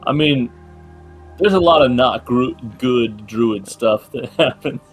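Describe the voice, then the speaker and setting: A man's voice: mid-range voice, slow pace, husky, faint music behind. A man playing a tabletop game, talking casually and joking. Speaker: player.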